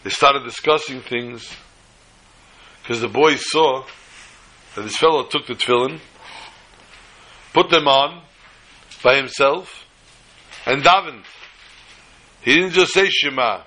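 A man telling a story in a religious talk, in an animated, halting delivery with frequent restarts. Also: medium pitch, low-quality recording.

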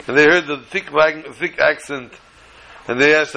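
Earnest bright-voiced man teaching Torah. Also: medium pitch, fairly even intonation, moderate pace, gravelly, a little hiss or hum, rough recording. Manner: earnest, emphatic teaching with Hebrew and Yiddish terms. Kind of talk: Torah lecture with storytelling.

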